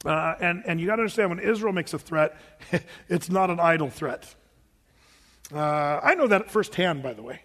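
A man's voice: on the high side, moderate pace, fairly bright tone. A male preacher telling a personal story to his congregation, chatty and self-amused, often laughing. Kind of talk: storytelling sermon to a live congregation. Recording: long reverb of a big hall.

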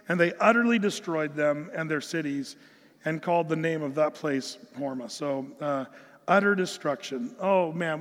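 Man, pastor, emphatic Bible sermon, high voice, restarts phrases, reverberant hall. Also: fairly bright tone. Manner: earnest, emphatic, with frequent restarts.

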